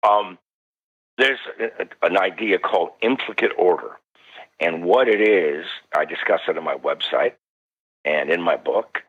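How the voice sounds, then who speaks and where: Man, extremely low voice, husky, animated storyteller, dull lo-fi radio call. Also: measured pace. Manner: animated storyteller with sudden pitch jumps. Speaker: guest parapsychologist. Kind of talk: recounting stories in a radio interview.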